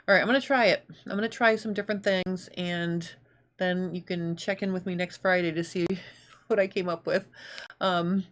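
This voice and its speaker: A woman's voice: on the low side, fairly even intonation, normal speed. A woman hosting a live sewing show, thinking aloud in casual chat and reading out viewer comments.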